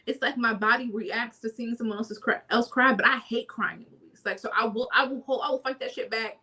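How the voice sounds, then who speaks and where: A woman with a bright, somewhat high and husky voice, talking on a podcast in a casual, candid way. Her pitch swings widely as she tells stories with slang, and she laughs easily. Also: steady tone, brisk. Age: adult with a daughter. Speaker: podcast co-host. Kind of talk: casual chat.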